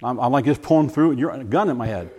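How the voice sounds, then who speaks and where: An older man giving a personal testimony, animated and full of restarts, acting out voices as he tells the story. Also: mid-range voice, fast, breathy edge. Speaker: former science teacher giving a testimony. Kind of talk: personal testimony talk to a group.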